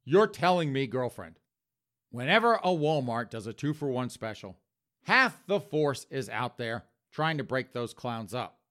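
A blunt, gossipy police officer, put on by a male comedian, chats in a conspiratorial way. The voice rises and dips in an animated manner. It stays bright and forward. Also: medium pitch, a little slow. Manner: chatty, conspiratorial.

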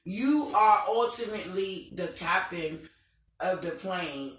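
A man's voice: high-pitched, takes it slowly, fairly bright tone. A man co-hosting a casual live-stream chat, earnest and motivational as he shares a quote. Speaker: podcast co-host. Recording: roomy, distant mic, faint noise.

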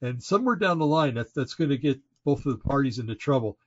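A man's voice: mid-range voice, expressive, fast. Guy ranting on a talk show, lots of ums and restarts, medium voice, kinda muffled audio. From Oregon, United States. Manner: rambling, indignant, many restarts and fillers. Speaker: podcast co-host. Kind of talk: casual political chat. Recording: slightly dull lo-fi audio.

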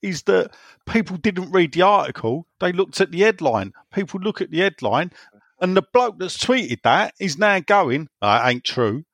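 A man's voice: high-pitched, lively intonation, normal speed, fairly bright tone, dry recording, clean studio sound. A man co-hosting a podcast, chatting casually in a blunt, bantering way and swearing freely. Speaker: podcast co-host. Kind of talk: casual chat.

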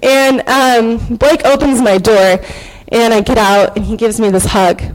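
A woman's voice: on the high side, steady tone, unhurried, low-quality recording. A woman in her thirties giving an earnest, emotional personal faith testimony on a church stage, with hesitant fillers. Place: church stage before an audience.

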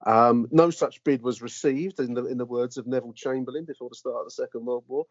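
A man's voice: mid-range voice, fairly even intonation, fast, dry recording, muffled recording. A man hosting a casual football podcast, rambling with lots of fillers and restarts. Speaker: podcast host.

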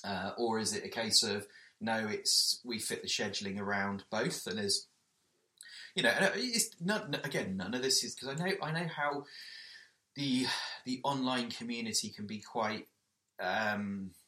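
A man co-hosting a podcast in casual chat, sweary and self-mocking, with quick asides. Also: lowish voice, sharp tone. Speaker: podcast co-host. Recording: roomy echo.

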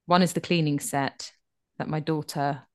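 A middle-aged woman co-hosting a casual chat, rambling enthusiastically with quick asides. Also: low voice, steady tone, a little mellow. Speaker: podcast co-host.

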